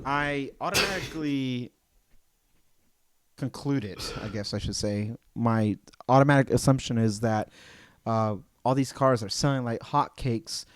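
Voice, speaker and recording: A man's voice: medium pitch, unhurried, no room sound, clean studio sound. A man co-hosting a podcast, chatting casually and acting out the other people in his stories. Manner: animated storyteller, acts out dealer dialogue. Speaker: podcast co-host. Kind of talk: casual chat.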